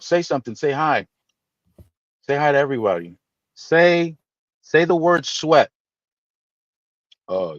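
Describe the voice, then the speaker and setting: A man hosts a relaxed live stream and talks straight to his viewers. He teases them with playful, animated asides. His mid-pitched voice comes through a slightly muffled, dry microphone. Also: dry recording. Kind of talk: casual chat reading viewer comments.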